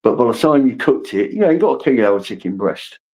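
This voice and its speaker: A man's voice: mid-range voice, lively intonation, fairly quick, warm tone, poor audio. A middle-aged man hosting a casual livestream, greeting viewers by name and swearing freely. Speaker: livestream host.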